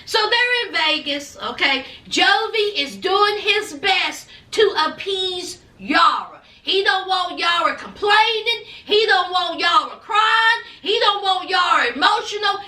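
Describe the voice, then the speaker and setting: A woman recapping a reality show in a sassy, animated gossip style, calling her viewers honey and child. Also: very high voice, slow, few pauses, distant mic. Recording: echoey room, away from mic.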